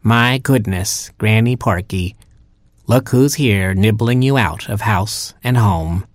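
A man's voice: lowish voice, mellow, no room sound, clean studio sound. A man doing a droning, bored slug. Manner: slow, bored drone.

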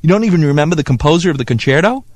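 A man's voice: on the high side, lively intonation, rapid-fire, a little mellow, no room sound. A man hosting a comedy radio sketch and playing the dry, skeptical straight man. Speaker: comedy show host.

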